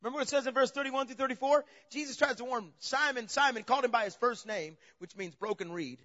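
A man preaching a sermon, telling the story in a lively way that swings from loud emphasis to a hushed near-whisper. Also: extremely high pitch, fast talker. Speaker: pastor. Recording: dull lo-fi sound.

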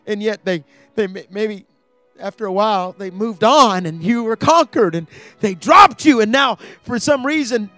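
A male campus ministry preacher giving a sermon in a church, telling stories dramatically and building to loud peaks. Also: high voice, moderate pace, dry recording, faint music behind.

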